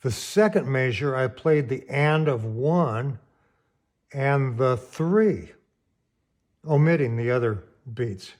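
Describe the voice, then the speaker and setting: Speaking slowly and expressively, a man with a medium-pitched, darkish voice teaches piano. He counts the beats aloud as he plays and keeps his explanation of rhythm straightforward, with the piano running underneath.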